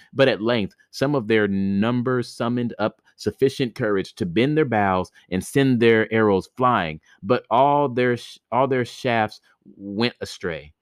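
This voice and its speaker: In a dry, studio-quality recording, a man with a lowish voice reads a myth for his podcast. It's casual storytelling: he trips over words occasionally and stops to joke about the slips with laughing asides.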